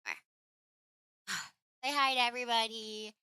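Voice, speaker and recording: Woman streamer, casual chat, talks to her cat, bright tense voice, fairly high, dry close mic. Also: lively intonation, a little slow, long pauses, no room sound. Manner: chatty, scolds and coos at her cat. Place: home room.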